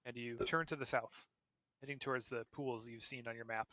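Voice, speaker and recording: A bright, clear-toned man narrates a tabletop game as its dungeon master. He talks in a halting way, full of fillers and restarts. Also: mid-range voice, steady tone. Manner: halting, lots of uh and restarts, laughs often.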